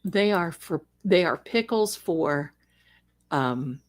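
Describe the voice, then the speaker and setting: A woman's voice: on the low side, animated, takes it slowly. A middle-aged woman who grew up in Germany, chatting casually and rambling as she answers viewers during a livestream. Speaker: livestream host.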